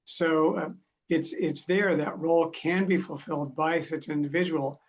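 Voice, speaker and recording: A man who is a consultant, explaining in a measured way during a panel discussion over a video call. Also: fairly high pitch, fairly even intonation, a little hiss or hum.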